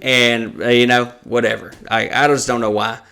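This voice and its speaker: A man's voice: medium pitch, little pitch movement, moderate pace, gravelly, bright, forceful tone, slight background noise. Male podcast host, profane storyteller who mimics the people he quotes. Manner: profane, acts out quoted voices. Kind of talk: casual storytelling chat.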